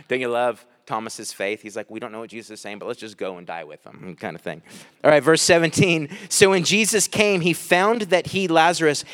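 A man's voice: a little high, fairly bright tone, long reverb tail. A man preaching a sermon, reading scripture aloud and breaking off with light, chuckling asides to the congregation. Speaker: pastor.

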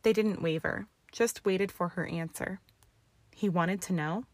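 A woman reads a story aloud in a steady, measured way, her voice set a little low. The sound is dry and close, with no echo. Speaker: audiobook reader. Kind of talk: reading fan fiction aloud.

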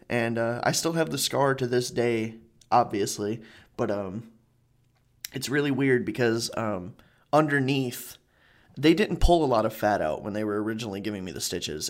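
A man in casual conversation, rambling through a story with plenty of fillers and swearing. His voice sits at an ordinary middle pitch.

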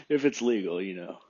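A man's voice: sits low, dark tone, slightly rough, lo-fi sound. A man in a casual opinion monologue, rambling and thinking aloud, often questioning himself.

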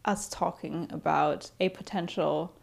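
A woman's voice: low voice, fairly even intonation, unhurried, gravelly. A woman co-hosting a podcast in casual chat, hesitant and full of fillers, often giggling. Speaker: podcast co-host.

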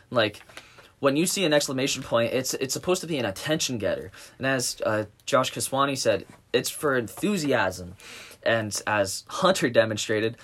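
A man's voice: mid-range voice, a bit bright. A man leading a casual Bible study discussion, reading scripture aloud and explaining it loosely with plenty of fillers.

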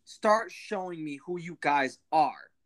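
A bullying male wrestler who belittles his partners and threatens his rivals. A narrator reads his lines in a plain, even voice. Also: mid-range voice, slow pace. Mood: taunting. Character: arrogant, menacing male pro wrestler.

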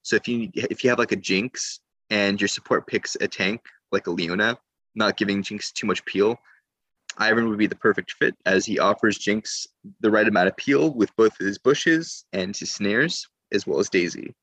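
A man's voice: fairly low pitch, normal speed, fairly bright tone, slightly rough, no room sound. A man co-hosting a gaming podcast, casually explaining strategy with some hesitations. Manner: explanatory, with fillers and restarts. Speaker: podcast co-host.

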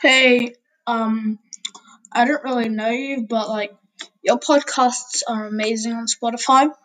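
A woman's voice: fairly high pitch, steady tone, measured pace, a little hiss or hum, low-quality recording. A woman leaving a blunt, offhand voice message for a podcast host. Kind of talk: recorded voice message.

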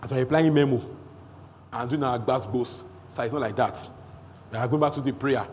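A man with a Nigerian accent preaching a sermon, energetic, breaking into rapid tongues and shouts. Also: medium pitch. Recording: long hall reverb, faint noise.

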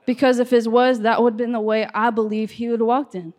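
A woman delivers a sermon in a high voice, climbing from steady teaching to impassioned shouting. The words ring out with a long reverb that fills the hall. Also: a little fast. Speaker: preacher.

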